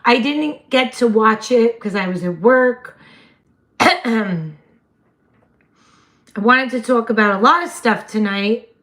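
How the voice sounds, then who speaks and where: A woman, hosting a casual livestream chat in a slightly hoarse voice and laughing often. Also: on the high side, slow pace, long pauses, fairly bright tone. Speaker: livestream host.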